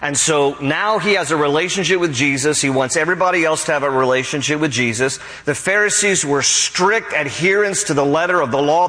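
A male pastor preaching an animated sermon, acting out quotes from the scripture and his own examples. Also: high voice, in a large hall, low-quality recording.

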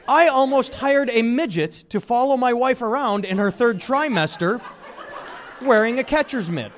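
Male stand-up comic, high voice, very lively pitch, animated storytelling. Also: moderate pace, a faint crowd, slight background noise. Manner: animated storytelling, mock shouting. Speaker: stand-up comedian. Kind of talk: stand-up set.

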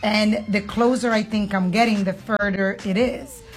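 A woman's voice: mid-range voice, moderate pace. A woman in her thirties from Puerto Rico, co-hosting a candid chat, speaking earnestly about grief and acting out her children's words. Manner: earnest, open about grief, animated when quoting her kids. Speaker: podcast co-host.

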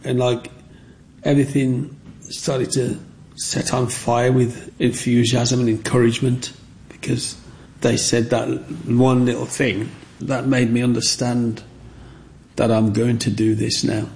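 A man's voice: medium pitch, level tone, unhurried, a little mellow. A man, telling stories from his childhood in an interview and acting out other children's voices when he quotes them. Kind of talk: reminiscing storytelling.

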